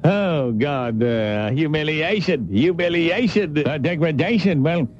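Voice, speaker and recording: A man's voice: fairly high pitch, expressive, a little slow, darkish tone, a little hiss or hum. Radio host guy taking calls, rambly and emphatic, voice jumps around a lot, dull lo-fi sound. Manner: rambling, emphatic, rhetorical questions. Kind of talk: call-in radio talk.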